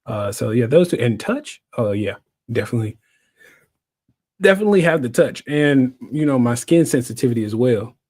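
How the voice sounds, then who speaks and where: A man's voice: medium pitch, animated, moderate pace, darkish tone. A man in his thirties telling a personal story as a guest, joking and acting out the other people's voices. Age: 30s. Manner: jokey, acts out voices, laughs often. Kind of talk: animated storytelling.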